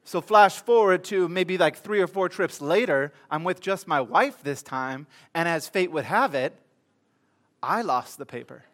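A man's voice: high-pitched, expressive, a little slow, a bit bright. A middle-aged man preaching a sermon, telling a funny story with comic asides to his congregation before reading scripture. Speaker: pastor.

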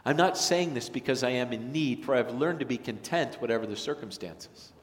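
A man preaching a sermon as pastor, animated, swinging from loud, energetic lines to hushed ones. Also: medium pitch, fairly quick. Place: church sanctuary. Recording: long reverb of a church sanctuary.

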